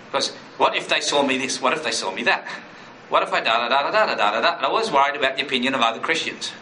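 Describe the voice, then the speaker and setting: A male pastor preaches earnestly in a slightly high, bright, forward voice. Now and then he acts out inner voices in sudden higher bursts. A big echoey hall carries his words over a faint hum. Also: recorded from a distance. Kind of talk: sermon.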